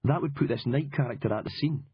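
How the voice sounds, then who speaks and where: A man's voice: medium pitch, quick pace, slight background noise, close to an everyday voice. A man voicing a cynical, wry reporter. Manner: wry, sweary, determined. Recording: dull lo-fi audiobook recording.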